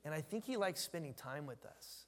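Joking pastor with a bright voice. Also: male voice, fairly high pitch, lively intonation, normal speed, big-room sound, slight background noise. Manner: joking, folksy, frequent restarts and stammers. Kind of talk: casual conversational sermon. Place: church sanctuary.

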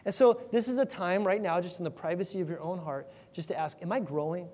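A man's voice: high-pitched, lively intonation, fast, a little mellow. A male pastor giving an earnest, conversational sermon, often restarting his sentences. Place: church sanctuary. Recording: long hall reverb.

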